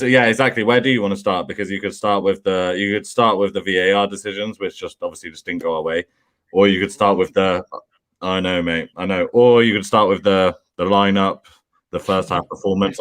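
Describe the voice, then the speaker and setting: A man co-hosts a fan chat in a fairly low voice. He talks in a measured way, thinking aloud with frequent ums and restarts. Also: steady tone. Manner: measured, hesitant, lots of ums. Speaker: fan channel co-host. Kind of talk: post-match fan reaction chat.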